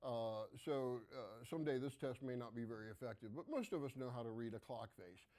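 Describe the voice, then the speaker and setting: A middle-aged man hosts a local TV health segment. He speaks plainly and folksily at a mid pitch, with plenty of fillers. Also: expressive, fairly quick, mellow. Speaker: physician hosting a health segment. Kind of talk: conversational health talk to camera.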